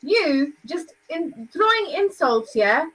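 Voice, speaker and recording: A woman's voice: high-pitched, sing-song, takes it slowly, fairly bright tone, rough recording. A woman bantering playfully in a casual group chat.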